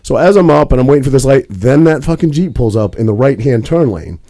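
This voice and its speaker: Fast-talking man telling a profane story. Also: medium pitch, lively intonation, mellow. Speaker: podcast co-host. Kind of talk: casual chat.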